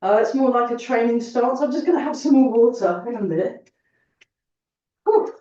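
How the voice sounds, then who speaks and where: Breathless woman exercise teacher, cheerful and chatty, fairly high voice, recorded far off in an echoey room. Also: expressive, moderate pace, dark tone. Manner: cheerful, chatty, counts aloud. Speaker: fitness and tai chi instructor. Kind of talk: counting through an exercise class. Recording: roomy echo, distant mic, dull sound.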